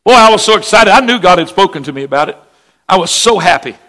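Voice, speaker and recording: A male pastor with a high, bright and forceful voice tells a story in his sermon. He drops to hushed narration, then rises to shouted praise. Long reverb from a church hall hangs behind him. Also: animated, quick pace. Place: church sanctuary.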